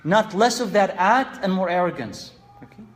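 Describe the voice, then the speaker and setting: A man's voice: high-pitched, expressive, moderate pace. A man giving an earnest religious lesson, asking rhetorical questions and mixing Arabic phrases into his English. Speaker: Islamic teacher.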